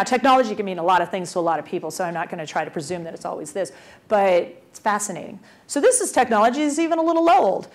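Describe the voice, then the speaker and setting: Woman, conference presenter, transportation official, energetic, rhetorical questions, mid pitch.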